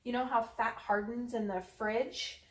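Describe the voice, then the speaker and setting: A woman's voice: a little high, steady tone, measured pace, recorded from a distance. Chatty woman cooking in an echoey kitchen. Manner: chatty, rambling, many ums. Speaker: cooking channel host. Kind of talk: casual cooking vlog. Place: home kitchen. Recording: echoey room, voice away from mic.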